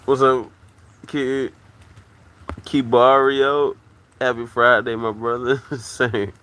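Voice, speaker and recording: A man hosting a loose livestream, talking loudly to his viewers and laughing often. He is a little drunk. His voice is bright and sharp-edged. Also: mid-range voice, little pitch movement, slow, smooth. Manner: loud, rowdy, laughs often, shouts catchphrases. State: slightly drunk. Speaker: livestream host. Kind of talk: casual livestream chat.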